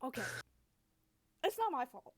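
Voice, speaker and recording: A woman with a high, lively voice plays a breezy, evasive character in a tabletop role-play. She teases and dodges questions in a singsong way. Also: unhurried, breathy edge, no echo, studio quality. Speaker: player.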